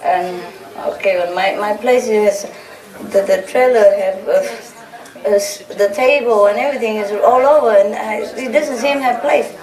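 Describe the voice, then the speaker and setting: At a normal speed, in a mid-range and slightly mellow voice, a woman teacher gives an informal talk to her disciples. Chatty and teasing, she laughs through anecdotes, while a large audience laughs in an echoey room captured from a distance.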